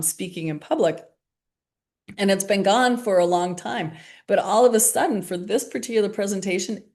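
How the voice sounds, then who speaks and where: A woman leading a reflective group workshop, speaking gently and candidly, often with a laugh. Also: mid-range voice. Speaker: workshop facilitator.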